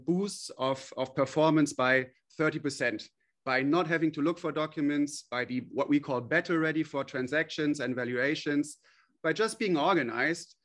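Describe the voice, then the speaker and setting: A man's voice: a little high, a bit bright. A man being interviewed as a company CEO, answering earnestly with frequent hesitations and restarts.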